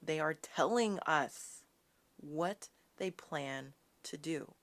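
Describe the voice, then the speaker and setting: A woman's voice: sits low, drawn-out words. A woman hosting a live political talk show, ranting with passion, calling her viewers y'all and sassily mocking the people she quotes. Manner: impassioned, ranting, addresses audience as y'all; quotes and mocks opponents in a sassy tone. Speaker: host.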